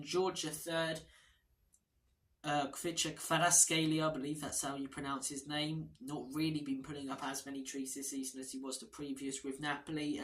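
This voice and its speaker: A man's voice: a little high, a bit bright, low-quality recording. A man hosting a casual football predictions vlog, chatty, blunt and opinionated. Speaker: football channel host.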